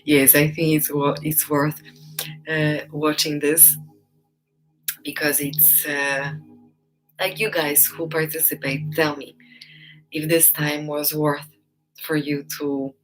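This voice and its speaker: A woman giving a live online talk as a personal development coach, gentle and encouraging, pausing often and laughing now and then. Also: low voice, level tone, low-quality recording. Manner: speaks with many pauses and fillers.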